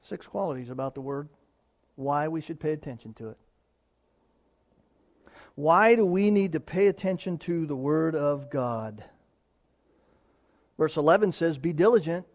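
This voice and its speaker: A man preaching a sermon, swinging from loud emphatic declarations to quiet, quick asides while reading scripture. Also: on the high side. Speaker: pastor.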